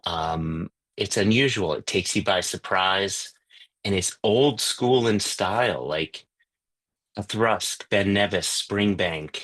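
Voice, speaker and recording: Deep-voiced with a fairly bright tone, this whisky tasting host runs an online session on a video call. He talks casually and loosely, with plenty of fillers and restarts.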